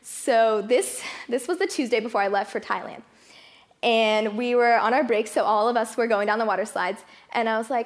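A young woman with a fairly high voice gives a testimony to a youth gathering. She talks in a chatty, self-mocking way and keeps laughing at her own story. Her talk moves from faith to a funny camp story and back. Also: normal speed. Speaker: youth speaker. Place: fellowship hall.

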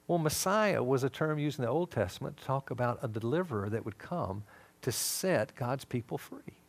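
A man teaching scripture with a lively, swooping voice at a middle pitch. He tells it as a story, slipping into voices for each person in it. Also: moderate pace, vocal fry. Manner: animated storytelling, acting out dialogue. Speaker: Bible teacher. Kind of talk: sermon-style teaching.

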